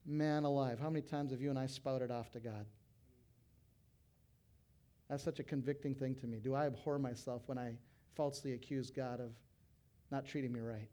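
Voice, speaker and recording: A middle-aged male pastor preaching to fellow pastors, animated, breaking into loud acted quotes. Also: medium pitch, normal speed, long pauses. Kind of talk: sermon to pastors.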